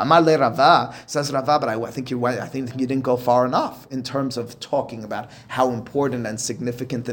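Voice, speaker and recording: A man's voice: medium pitch, slight background noise. A man, a rabbi, teaching a Talmud lesson, reading Aramaic and Hebrew phrases and then explaining them step by step.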